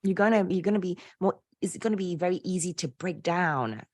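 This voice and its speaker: A woman speaking as a podcast guest, telling stories with animated, inspirational energy. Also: lowish voice, brisk, no echo. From Poland. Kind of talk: conversational interview.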